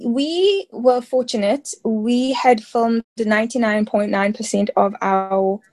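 A woman's voice: fairly high pitch, takes it slowly, a little mellow. Chatty woman actress full of fillers. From South Africa. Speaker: actress guest. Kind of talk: casual interview chat.

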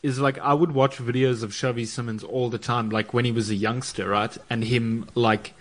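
A man's voice: mid-range voice, steady tone, moderate pace. A man co-hosting a casual football podcast, a bit hesitant and self-deprecating. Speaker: podcast co-host.

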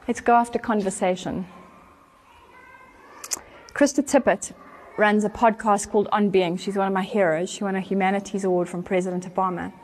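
A woman pastor, telling a story in an animated way during a sermon. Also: mid-range voice, a little hiss or hum. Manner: animated storyteller, acts out voices with laughter. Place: church.

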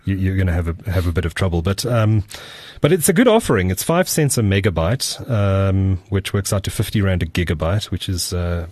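A man's voice: sits low, animated, a little fast, hardly any pauses, a little mellow, no echo. A man hosting a casual tech podcast, talking with lots of fillers and restarts. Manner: hesitant, many fillers and restarts. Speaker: podcast host.

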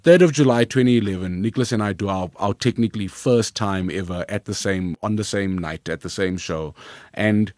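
A man with a South African accent, a comedian telling his story in an interview, lively and rambling, often repeating words as he restarts. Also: lowish voice, fairly quick, no room sound, studio quality. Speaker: comedian guest.

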